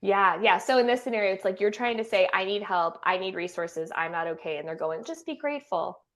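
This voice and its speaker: A woman trauma therapist and doula speaking as a podcast guest, earnest and expressive, often acting out what people say. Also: mid-range voice, fairly quick. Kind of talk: casual podcast interview.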